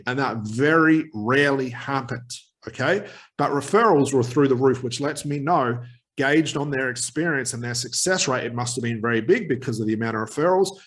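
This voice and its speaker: A man teaching hypnotherapy in a direct talk to camera, emphatic, who acts out short exchanges with clients. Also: medium pitch. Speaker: hypnotherapy trainer.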